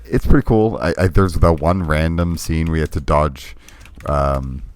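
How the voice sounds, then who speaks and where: A man's voice: a bass voice, normal speed. A man co-hosting a casual retro gaming podcast, talking in a laid-back, hesitant way with lots of ums and restarts. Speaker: podcast co-host. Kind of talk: casual chat about retro games.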